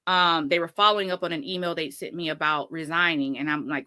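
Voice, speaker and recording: Woman, teacher, interview guest, bright voice, lowish pitch, rambling, dry sound. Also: brisk, few pauses, no room sound. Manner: rambling, with self-corrections. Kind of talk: casual storytelling interview.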